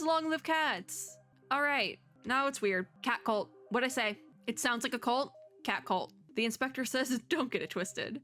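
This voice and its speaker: A bright, tense-toned young woman with a somewhat high voice, reading a game's story aloud as a streamer. She breaks off into giggly, excitable commentary between the lines. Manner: chatty, giggly, excitable reactions. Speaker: VTuber streamer.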